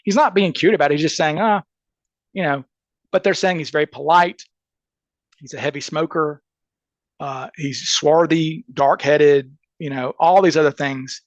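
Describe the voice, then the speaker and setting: A man, a criminal defense attorney, telling a story casually as a podcast guest, animated and restarting often. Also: a little high, normal speed, no echo, highs cut off. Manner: animated, acts out quoted voices, frequent restarts.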